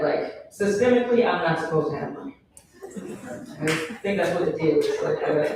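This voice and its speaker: A man performing a stand-up set, breaking into shrill high mock voices when he quotes people. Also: noisy background. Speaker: stand-up comedian. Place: comedy venue stage. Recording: very echoey hall from a distance.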